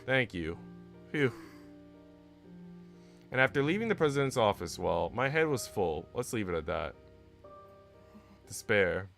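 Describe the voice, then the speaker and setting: A man streaming, reading a visual novel aloud in an animated way with asides. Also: lowish voice, unhurried, gravelly, long pauses. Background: faint game music.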